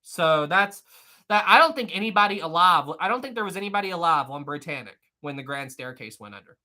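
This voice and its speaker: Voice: medium pitch, expressive, fairly quick, bright, forceful tone. A live-stream host chatting casually and answering the chat, often repeating phrases.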